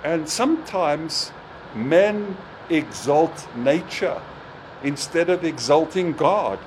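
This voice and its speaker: Slow, lively-voiced male preacher. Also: on the high side, a little hiss or hum, low-quality recording. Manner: slow, emphatic preaching with rising exclamations. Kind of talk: sermon.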